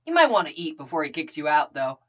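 A woman's voice: deep voice, sing-song, fast, a bit bright, lo-fi sound, pitched below the performer's own voice, exaggerated voice. A woman voicing an easygoing young man with a dry, teasing manner.

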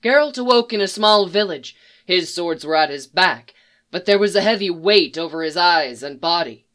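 A reader narrating a dark fan fiction story in a measured, solemn way. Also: mid-range voice, expressive.

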